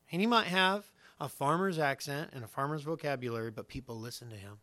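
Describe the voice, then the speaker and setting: A man's voice: medium pitch, brisk. A man pastor preaching a sermon in a casual, conversational way, often asking his listeners questions. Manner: conversational, animated, asks the audience questions.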